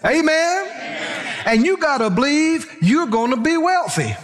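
Animated high-voiced male preacher in a reverberant hall. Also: measured pace, crowd noise. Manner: animated, acts out quoted voices, laughs often. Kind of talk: sermon storytelling.

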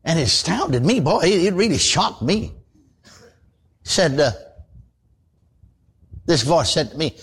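A man's voice: fairly high pitch, very animated, slow, pauses often, fairly bright tone, breathy edge. An older man, preaching a sermon in a folksy, conversational storytelling way, full of asides and repeated words.

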